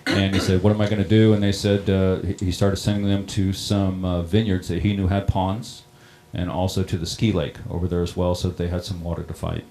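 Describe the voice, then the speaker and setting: A middle-aged man who runs a town water system recounts a personal story in a plain-spoken, halting way. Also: sits low, flat delivery, dark tone, a little hiss or hum. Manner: plain-spoken, halting, many ums and restarts. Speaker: water district operator on a panel.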